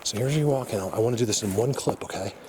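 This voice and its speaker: A man filming an outdoor walking vlog in the woods, out of breath from a climb, talking excitedly and rambling straight to his viewers on a handheld camera. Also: mid-range voice, very fast, background noise. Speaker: outdoor vlogger.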